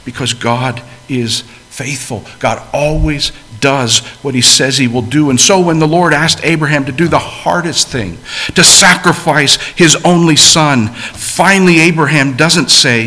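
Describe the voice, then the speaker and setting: A man preaching a sermon, swinging between loud emphasis and hushed, quiet asides. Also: fairly high pitch, a little slow.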